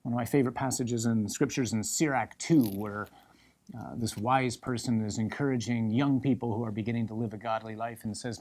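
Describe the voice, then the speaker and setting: A man, a priest, preaching a sermon in an emphatic, animated way with many repetitions. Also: medium pitch, a little fast.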